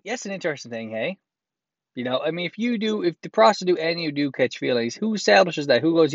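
Sarcastic, foul-mouthed man, slightly high voice. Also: expressive, fairly quick, no echo, lo-fi sound. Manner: crude, profane, sarcastic commentary. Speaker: host reading a listener's letter. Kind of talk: reading aloud and commenting.

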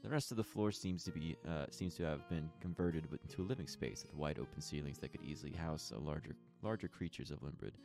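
A very low-voiced man runs a tabletop game, reading long scene descriptions and stopping to fix his own wording as he goes. Guitar music plays clearly under his voice. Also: fast, few pauses. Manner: reads descriptions with small stumbles and restarts. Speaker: game master. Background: plucked guitar music.

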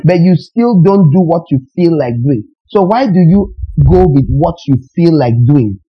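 A man's voice: sits high, animated, moderate pace, lo-fi sound. A man preaching a sermon as a pastor, emphatic and questioning his congregation directly.

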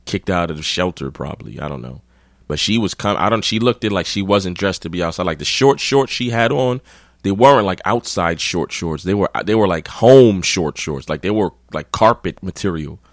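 Low-voiced man telling a blunt story. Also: lively intonation, normal speed, no room sound, clean studio sound. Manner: profane, blunt, rambling. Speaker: podcast host. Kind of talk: casual storytelling.

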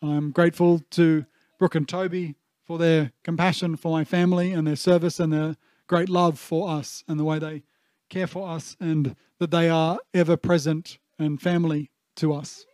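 A man in his thirties preaches a sermon with a high, bright-sitting voice. He speaks earnestly and from the heart, with plenty of ums and restarts. The sound is dry and close, with no room echo. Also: little pitch movement, moderate pace. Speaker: pastor.

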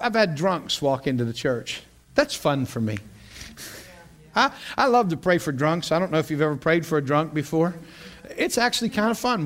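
A man preaching a sermon to a class, telling stories in an animated way with frequent laughs and repeated words. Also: fairly high pitch. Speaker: pastor.

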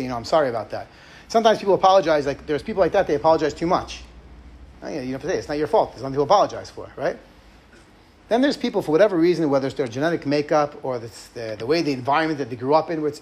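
A man's voice: medium pitch, a little mellow, breathy edge. Earnest man giving relationship advice. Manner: earnest, conversational, acts out example quotes. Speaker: rabbi and podcast host. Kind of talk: podcast teaching talk.

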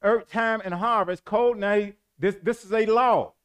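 Guy preaching, fairly high voice, throws questions at the crowd then punches the answers. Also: moderate pace, fairly bright tone, clean tone. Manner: call-and-response preaching, rising to emphatic bursts. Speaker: pastor. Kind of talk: sermon.

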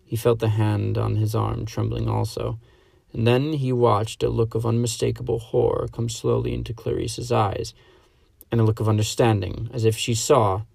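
A man narrates a short story as a dramatic reading, slow and measured. His voice is strongly gravelly with fry, at a middling pitch. The sound is dry and close. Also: level tone, darkish tone, no echo.

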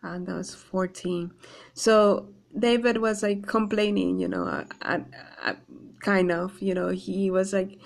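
A woman gives an informal Bible devotional, first reading scripture and then explaining it in her own words. She speaks slowly and evenly, with little rise and fall in her voice. Her delivery is earnest but halting, with frequent pauses and restarts. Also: medium pitch, steady tone, vocal fry.

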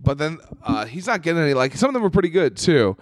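Young new guy rambling thru a story, swears a lot, lively ups and downs, dry close sound. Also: on the high side, quick pace, dry recording. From New York. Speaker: podcast co-host. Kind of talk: casual chat.

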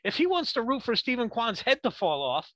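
A man co-hosting a sports podcast, ranting in a heated, profane way with rapid rhetorical questions. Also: extremely high pitch, wildly swooping pitch, sharp tone, no room sound. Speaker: podcast co-host.

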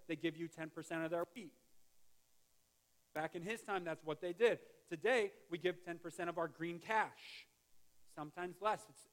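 A man's voice: a little high, a bit bright. A male pastor giving a conversational sermon, with joking asides and restarts. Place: church sanctuary.

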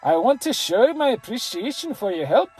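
A player voicing a pompous old lord from a fantasy game, with a deliberately bad mock burr and slow, drawn-out phrasing. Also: medium pitch, a little mellow, husky, faint music behind.

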